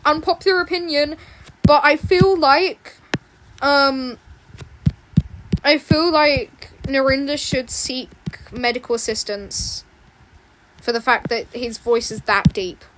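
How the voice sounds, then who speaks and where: A woman's voice: sits high, slow, long pauses. A young woman chatting casually while she draws, rambling, repeating herself and giggling. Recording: noisy background with clicks.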